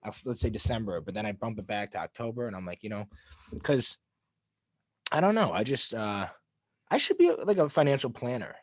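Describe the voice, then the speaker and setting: A man's voice: fairly low pitch, animated, fairly quick, dry recording, studio quality. A man co-hosting a casual podcast chat, rambling and self-mocking, often trailing off mid-thought. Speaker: podcast co-host.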